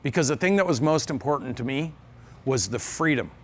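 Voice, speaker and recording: A man's voice: mid-range voice, lively intonation, brisk. A man giving a motivational business talk on stage. He speaks earnestly and with emphasis, and he often repeats phrases for effect. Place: event stage with live audience.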